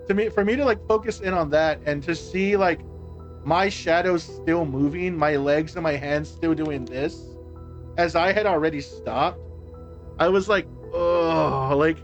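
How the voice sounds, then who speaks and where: Guy streaming, telling a story, says like a lot, swears some, kinda high voice, faint music in the back. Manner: rambling, full of "like" and restarts, swearing. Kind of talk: casual storytelling on a live stream.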